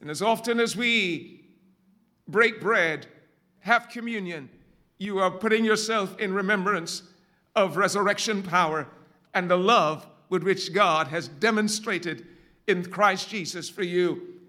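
A man preaching a sermon in church, swinging from hushed, drawn-out emphasis to loud calls to the congregation. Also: sits high. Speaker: pastor.

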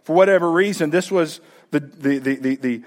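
A man's voice: a little high, normal speed, a little mellow. A man pastor preaching a sermon, talking to the congregation with direct questions and frequent restarts.

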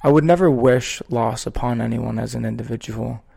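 A man hosting a podcast, talking in a slow, measured and earnest way as he tells a personal story. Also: medium pitch, gravelly, warm tone, husky. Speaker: podcast host. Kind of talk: reflective podcast conversation.

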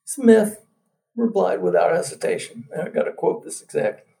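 A man tells anecdotes as an interview guest, acting out the quotes as he goes. His voice is high and gravelly, with a dark tone and wide swings in pitch. He sits a little back from the microphone. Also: moderate pace, distant mic. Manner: animated storyteller who acts out quotes. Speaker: author and guest.

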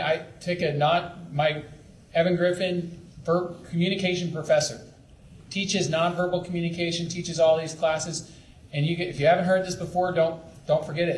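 Young male youth leader, earnest and pleading, high voice, roomy echo. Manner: earnest, pleading, with acted-out asides. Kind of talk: training talk to camp leaders. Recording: echoey room with faint background noise.

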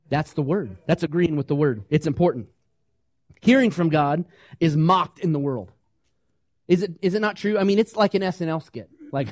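A male pastor delivers a lively sermon. His voice sits high for a man and sounds dry and close. He keeps asking the congregation questions and acts out the voices he quotes. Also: normal speed, dry recording. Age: young adult or middle-aged, parent of small kids.

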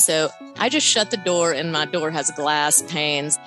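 A middle-aged woman telling a personal story in a lively way, laughing now and then. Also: low voice, moderate pace, music in the background. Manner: animated, laughs while telling, voice jumps up on quotes. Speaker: guest telling her story. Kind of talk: conversational storytelling.

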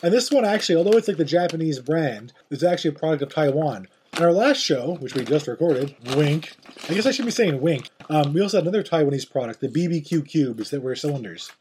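A middle-aged man hosts a casual podcast, his voice sitting a little high and swinging widely up and down. He rambles, jokes and muses aloud over snacks, with a faint hiss behind him. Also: fast. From Ireland. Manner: rambling, jokey, animated. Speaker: podcast host. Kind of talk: casual chat.

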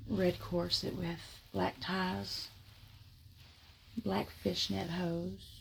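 A woman telling a first-person erotic story, drawing out her words with soft murmurs and frequent giggles. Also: on the low side, gravelly, a little hiss or hum.

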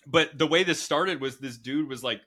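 A man hosting a podcast, telling personal stories in casual, animated, profane chat. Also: on the high side, moderate pace. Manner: storytelling, swearing, animated. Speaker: podcast host. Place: Connecticut home.

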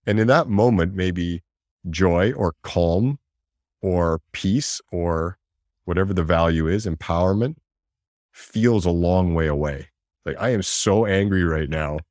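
A man talking in a reflective conversation, animated, acting out inner voices and laughing often. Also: sits low, unhurried, dry recording, studio quality.

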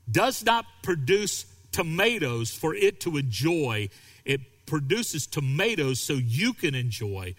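A male pastor preaching a sermon, animated and acting out quoted voices. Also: fairly high pitch, long reverb tail.

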